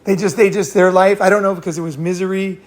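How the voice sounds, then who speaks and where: A man's voice: high-pitched, steady tone, fast. A middle-aged man hosting a casual chat, telling stories in a blunt, profane, rambling way with many restarts. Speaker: host.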